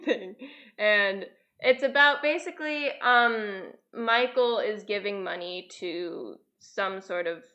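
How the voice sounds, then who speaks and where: A woman's voice: medium pitch, pushed and bright, lo-fi sound. A woman co-hosting a podcast who recaps a movie plot in a rambling, giggly way, swearing casually. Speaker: podcast co-host.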